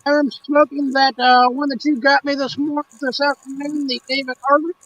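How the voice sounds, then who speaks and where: A man's voice: very high voice, little pitch movement, normal speed, fairly bright tone. A man chatting on a video call, chiming in with short, teasing remarks. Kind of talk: casual video-call chat. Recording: dull lo-fi call audio.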